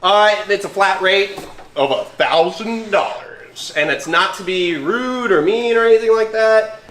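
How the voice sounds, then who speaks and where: A man's voice: sits high, a little slow, a bit bright, slight background noise. Chatty man with an echoey sound. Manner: enthusiastic, chatty. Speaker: reptile keeper and livestream host. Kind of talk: casual livestream chat. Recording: echoey room.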